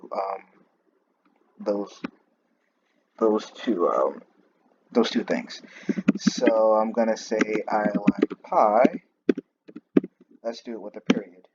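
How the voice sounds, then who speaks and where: A man with a somewhat low voice talks through a screen-recorded demo of his student coding project, stopping often for fillers and restarts. The audio is muffled and lo-fi, with a clear steady noise and clicking behind him. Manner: hesitant, many fillers and restarts. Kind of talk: screen-recorded program walkthrough.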